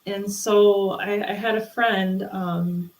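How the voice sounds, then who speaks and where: Woman guest, lively storyteller, echoey room, mid pitch. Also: slow pace, heavy background noise. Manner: animated storyteller, acts out quoted voices. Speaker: interview guest, spiritual medium. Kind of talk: storytelling in a casual interview.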